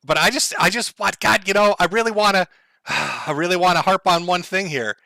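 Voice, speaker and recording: A man's voice: sits high, moderate pace, vocal fry, bright, forceful tone, no echo, clean studio sound. A man talking casually on a live stream, sardonic and mock-dramatic, laughing often. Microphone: headphones and desk mic.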